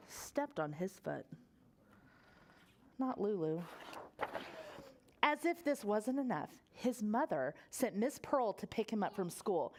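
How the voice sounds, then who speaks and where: A young woman, a children's librarian, reading a picture book aloud to preschoolers in an animated sing-song voice and asking them questions. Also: medium pitch, slow pace, pauses often, slight background noise.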